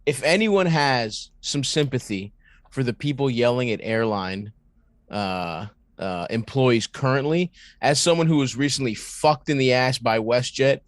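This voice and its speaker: A man's voice: medium pitch, no room sound. A man co-hosting a podcast in casual chat, cracking crude jokes and swearing freely. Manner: profane, quick banter and crude jokes. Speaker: podcast co-host.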